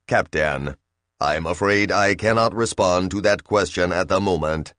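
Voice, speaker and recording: A man voicing a smug, sullen male ship computer that speaks slowly and with quiet menace. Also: sits low, dry recording, clean studio sound. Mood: evasive. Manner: sullen, smug, slow and measured.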